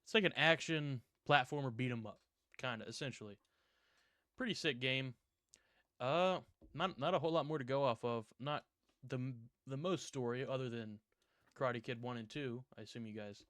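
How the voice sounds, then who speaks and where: A man hosting a casual video game podcast, loud and laughing, hyped up between jokes. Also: mid-range voice, normal speed, no room sound, studio quality. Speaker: podcast host.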